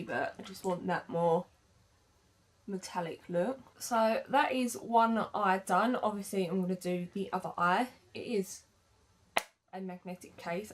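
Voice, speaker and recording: A woman chatting casually through a makeup demo, with lots of fillers and self-corrections. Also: mid-range voice. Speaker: beauty vlogger. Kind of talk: makeup tutorial chat.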